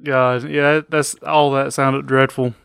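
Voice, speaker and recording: A man's voice: mid-range voice, level tone, takes it slowly, gravelly, fairly bright tone, clear, resonant tone, no room sound. A man on a casual podcast, giving dry, wry short reactions. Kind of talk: casual chat.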